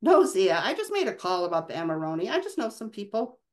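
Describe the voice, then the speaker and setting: A woman reading aloud, voicing a calm, easygoing young man who shrugs off trouble. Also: mid-range voice, brisk, lightly acted. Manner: calm, casual, breezy. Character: young man, cool and unflappable charmer.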